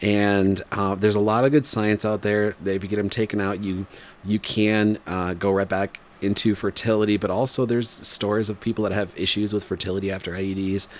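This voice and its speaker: A man in his 40s rambles through a casual story, talking a little fast in a somewhat low voice with little pitch movement. He's full of fillers and laughter, and his voice jumps up whenever he imitates the people in the story.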